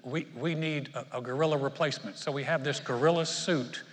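A fast-talking, pushy zoo manager with a breezy sales pitch, as a preacher puts him on mid-sermon. The voice rings out in a long church reverb. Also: male voice, steady tone, lightly acted. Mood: coaxing.

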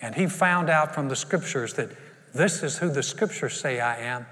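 A man preaching a sermon as pastor, emphatic, moving between loud bursts and hushed lines. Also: mid-range voice, normal speed. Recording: long hall reverb.

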